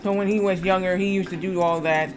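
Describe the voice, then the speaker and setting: High-voiced man rambling through a story. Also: steady tone, background noise. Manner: halting, repeats words and restarts often. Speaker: livestreamer playing a video game. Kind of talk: rambling storytelling while gaming.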